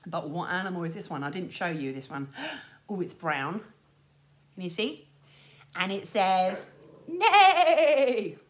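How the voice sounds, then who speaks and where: A woman leading a children's lesson, animated and sing-song, talking straight to little ones outdoors. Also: fairly low pitch, unhurried, pauses often. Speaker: children's music teacher. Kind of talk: lively children's lesson with songs. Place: outdoors in sunshine.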